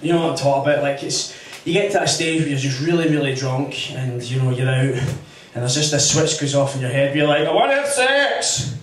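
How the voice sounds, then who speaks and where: A man's voice: medium pitch, steady tone, quick pace. Scottish man, stand-up comic, rambling, confessional, distant mic, heavy echo. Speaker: stand-up comedian. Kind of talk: stand-up routine. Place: comedy club stage. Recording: echoey venue from far off.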